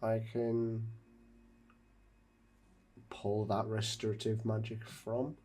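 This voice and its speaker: A man playing his character in a tabletop game, hesitant and unhurried, with fillers. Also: fairly low pitch, completely flat delivery, dark tone. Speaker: player.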